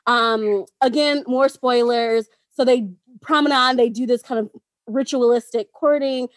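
A woman's voice: a little high, fairly even intonation, a little slow, no room sound. A woman co-hosting a podcast, chatting casually about a TV show and laughing often between words. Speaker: podcast co-host. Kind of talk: casual chat reviewing a TV show.

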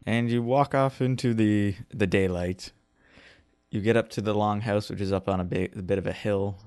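A man runs a tabletop game with a low, gravelly voice. He narrates scenes in a measured, descriptive way. The sound is dry and close. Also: fairly even intonation, a little mellow, no echo. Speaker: game master.

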